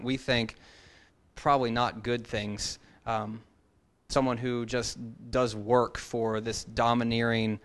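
A man's voice: mid-range voice, fairly bright tone. A man teaching a Bible passage in a casual expository sermon, talking conversationally and dropping joking asides.

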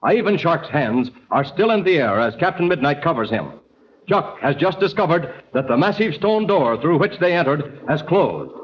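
A man's voice: on the high side, big pitch swings, normal speed. A man announcing a 1940s radio serial, addressing young listeners in a chummy, enthusiastic way. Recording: dull, faintly hissy old radio recording.

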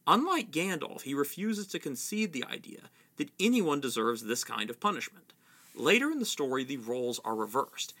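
A man giving measured, explanatory commentary on a novel. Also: mid-range voice, big pitch swings, bright, forceful tone. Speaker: literary commentator. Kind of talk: analytical book commentary.

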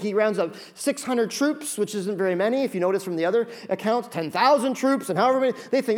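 A man preaching a sermon, telling a story with animated asides and acted-out voices. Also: high-pitched, quick pace, few pauses. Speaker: pastor.

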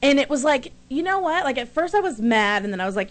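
A woman's voice: sits high, sing-song, fast. Chatty, emphatic female co-host. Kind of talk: casual chat show banter.

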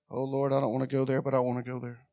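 A woman preaching a sermon with fervor, swinging between loud shouts and quiet asides. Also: very deep voice, dry recording, muffled recording.

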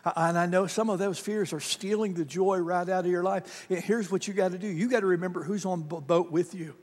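A man's voice: high voice, steady tone, a little fast, a little mellow. A male pastor preaching a sermon in a church sanctuary, emphatic with frequent repeats. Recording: long church hall reverb.

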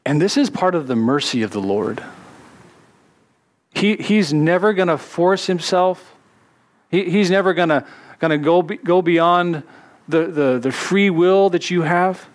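A man, a pastor, preaching a sermon in an earnest way, slowing down to stress key words. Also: on the high side.

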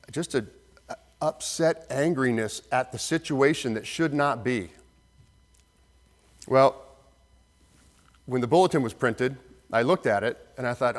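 A man preaching a sermon as pastor, earnest, slowing down for emphasis and acting out the voices in the story. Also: medium pitch. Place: church sanctuary. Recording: long reverb of a hall.

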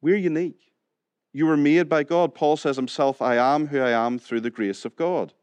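A man's voice: on the high side, normal speed, a little mellow, clear, resonant tone, dry recording. A man with a Northern Irish accent preaching a sermon in a conversational way, putting questions to the congregation and joking now and then. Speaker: pastor. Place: church hall.

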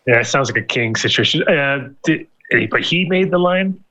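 A man chatting casually on a talk show, chiming in with jokes and quick quips. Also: on the high side, lively intonation, sharp tone, dull audio. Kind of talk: casual chat.

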